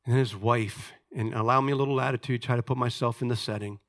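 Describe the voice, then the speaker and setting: Bright-voiced man preaching a sermon. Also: medium pitch, fairly even intonation, quick pace. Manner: storytelling, swings from hushed to loud emphatic preaching. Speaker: pastor.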